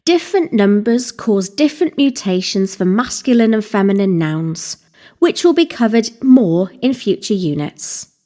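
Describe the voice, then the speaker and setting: A woman narrating a scripted Welsh language lesson, slowly spelling out words and examples. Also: mid-range voice, sing-song, mellow. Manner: slow, deliberate, spelling out vocabulary.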